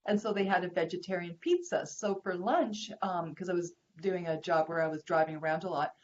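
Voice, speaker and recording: A woman's voice: on the low side, brisk, dull audio, a little hiss or hum. A woman co-hosting a live web show, telling a self-deprecating anecdote in a friendly, chatty way. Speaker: co-host, hypnotherapist. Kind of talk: casual storytelling chat.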